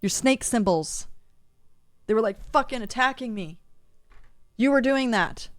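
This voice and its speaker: A woman's voice: on the high side, lively intonation, a little slow, dry recording. Woman ranting into her streaming mic, swearing nonstop, dry close sound, faint music behind. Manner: agitated, heavy cursing, accusatory. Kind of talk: ranting monologue. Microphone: studio dynamic mic.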